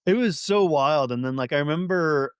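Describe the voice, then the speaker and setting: A man chats as a podcast guest, rambling through fillers and quick restarts. His pitch jumps around a lot as he gets excited. The sound is dry and close, with no room echo. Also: clean tone. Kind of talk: casual conversation.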